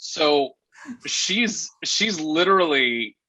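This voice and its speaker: A man's voice: fairly high pitch, expressive, very slow, sharp tone, dry recording. A man reviewing a film in casual chat, rambling and profane, often exasperated.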